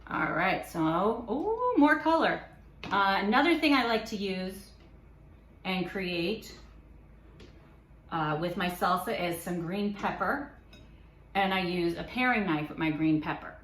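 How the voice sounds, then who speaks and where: A woman's voice: mid-range voice, expressive, unhurried, long pauses, fairly bright tone, reverberant. A woman teaching a cooking lesson in a kitchen, explaining each step patiently and slipping in playful asides. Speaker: cooking instructor. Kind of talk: kitchen demonstration.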